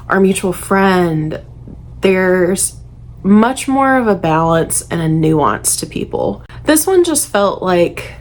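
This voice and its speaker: A woman's voice: mid-range voice, darkish tone. A woman giving a frank, exasperated book review straight to camera, sighing now and then. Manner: frank, exasperated, sighs and laughs.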